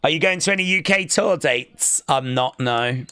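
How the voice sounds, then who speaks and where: A man hosting a live watch-along stream, chatting casually, reading out viewer comments and calling the action with sudden excitement. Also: on the high side, normal speed, clear, resonant tone, no room sound, clean studio sound. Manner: excitable, chatty, reads chat aloud.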